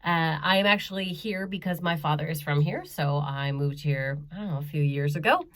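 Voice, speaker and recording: A woman's voice: deep voice, animated, moderate pace, fairly bright tone. A woman doing a stand-up comedy set from her bedroom at home, chatty and self-mocking, with frequent ums and laughs. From Canada.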